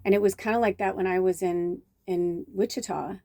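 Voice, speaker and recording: A woman's voice: medium pitch, steady tone, normal speed, dark tone, no echo, studio quality. A middle-aged woman, a medium, telling chatty, rambling stories in a casual spiritual vlog, full of restarts and fillers. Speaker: medium and tarot reader.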